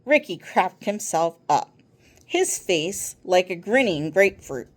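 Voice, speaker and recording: A woman reading a children's novel aloud, with expressive storytelling. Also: a little slow. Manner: expressive storytelling with a lively pitch. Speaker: reader.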